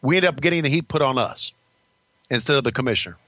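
A man's voice: medium pitch, fast, a bit bright, no echo, lo-fi sound. An older man, a podcast host, telling stories about his career in a blunt, profane, rambling casual way. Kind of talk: casual storytelling.

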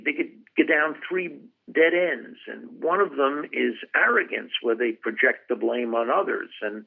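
A man's voice: medium pitch, vocal fry. An older man, a guest author, answering interview questions in an earnest, reflective way and retelling conversations as stories. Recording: tinny phone line.

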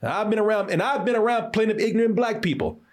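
A man's voice: high voice, fast. A man from Texas with a Texan accent, hosting a podcast in casual chat, blunt and profane, often restarting his sentences. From Waco, Texas. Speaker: podcast host.

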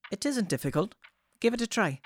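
A woman in an audio drama, playing a calm, reasoning witch. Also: medium pitch, fairly quick, no echo.

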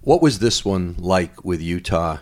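A man's voice: sits low, animated, measured pace, darkish tone. A man hosting a podcast, asking probing, rambling questions in a conversational way. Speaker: podcast host and interviewer.

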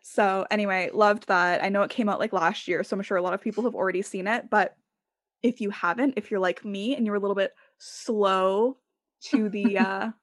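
A woman's voice: medium pitch, fairly even intonation, moderate pace, dry recording, clean studio sound. A young woman from Canada co-hosting a podcast, chatting casually with lots of "like" fillers and frequent laughs. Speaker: podcast co-host. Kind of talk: casual chat.

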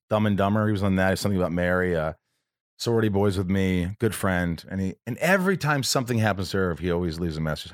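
Low-voiced man in casual chat. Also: expressive, no echo, clean studio sound. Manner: emotional, rambling, does quick voices of friends. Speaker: podcast host.

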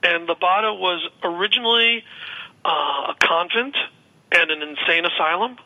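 A man's voice: high voice, moderate pace, sharp tone, low-quality recording. A man guesting on a radio talk show, describing his tours in a rambling, upbeat way with many restarts. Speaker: guest, paranormal tour organizer. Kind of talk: casual radio interview.

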